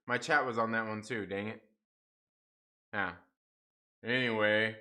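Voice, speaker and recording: Young man, livestream host, bright voice, casual and profane, fumbling with stream settings, chatting with viewers. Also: fairly low pitch, fairly even intonation, unhurried. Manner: frustrated, swearing, laughing off a stream mix-up.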